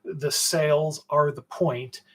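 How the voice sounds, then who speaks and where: A man's voice: on the high side, fairly even intonation, slow pace, fairly bright tone. A man hosting a publisher's livestream, rambling through viewer chat in a sardonic, swearing way, trailing off with fillers.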